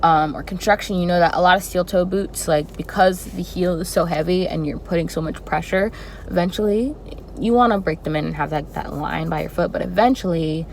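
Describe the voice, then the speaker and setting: A young woman telling a personal story in a casual vlog, animated and expressive with dramatic reactions. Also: lowish voice, a little fast, a little hiss or hum, low-quality recording. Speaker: flight attendant vlogger.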